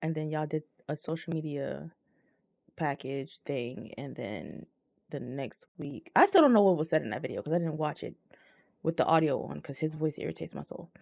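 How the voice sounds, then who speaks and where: A woman's voice: deep voice, lively intonation, normal speed, vocal fry, darkish tone, no echo, clean studio sound. A woman co-hosting a wrestling podcast, talking bluntly in casual chat and swearing freely. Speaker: podcast co-host.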